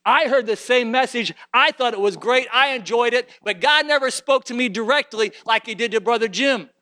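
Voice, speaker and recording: A man preaching a sermon in a church, climbing to fervent shouting and then dropping to quiet, conversational storytelling. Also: normal speed. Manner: rises to shouted fervor, then drops low and conversational. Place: church sanctuary.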